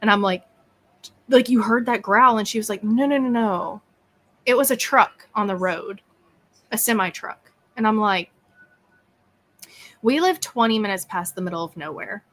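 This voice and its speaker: Bright-voiced woman telling a story. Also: medium pitch, normal speed, long pauses. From East Texas. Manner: animated, acts out quoted dialogue. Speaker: podcast host and guest. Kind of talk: casual interview storytelling.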